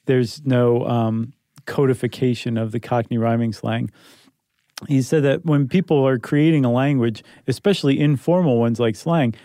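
A man's voice: mid-range voice, warm tone, dry recording, clean studio sound. Jokey American man, podcast co-host. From United States. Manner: jokey, playful explaining. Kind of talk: casual chat.

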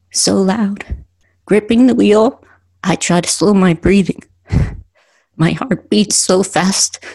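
A woman podcast host reading her own poems aloud in a slow, earnest way with pauses. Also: medium pitch, darkish tone, slightly rough.

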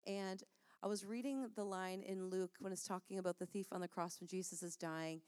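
A woman speaking earnestly and warmly in a conversational Christian talk, laughing often as she encourages listeners. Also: fairly low pitch, fairly even intonation, fairly quick, smooth, dry recording, studio quality.

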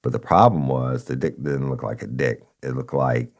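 A man's voice: a bass voice, moderate pace. A man, a former police officer telling a story casually, calling listeners "y'all" and swearing freely.

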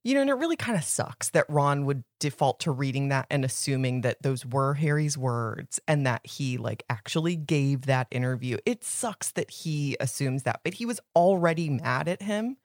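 A woman's voice: rumbling low, animated, normal speed, few pauses, no room sound, studio quality. Chatty, opinionated woman podcast co-host. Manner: chatty, opinionated, heavy use of "like". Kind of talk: casual book discussion.

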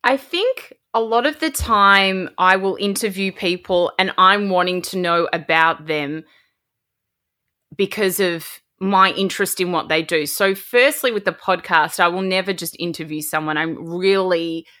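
An Australian woman with a bright, clear voice talks warmly and eagerly on a video call. Her voice sits a little low for a woman. She builds her points with heartfelt emphasis. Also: unhurried. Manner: enthusiastic and heartfelt. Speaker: podcast host as guest. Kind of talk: casual interview chat.

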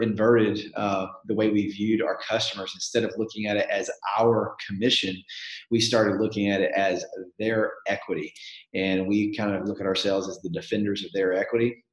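Low-voiced Southern man, roomy sound. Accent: Southern American. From Nashville, Tennessee. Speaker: guest, real estate founder. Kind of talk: interview answers.

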